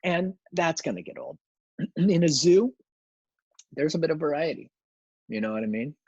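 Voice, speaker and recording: A man hosting a livestream Q&A, answering questions with deadpan absurd humor. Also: fairly high pitch, normal speed, slightly rough, no echo, highs cut off. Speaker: host. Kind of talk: livestream Q&A chat.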